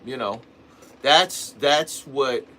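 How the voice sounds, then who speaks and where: A man's voice: medium pitch, drawn-out words, sharp tone, a little hiss or hum. A man hosting a livestream, talking casually about drumming in a rambling way, restarting sentences and adding "man" and "you know". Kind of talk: casual livestream teaching talk.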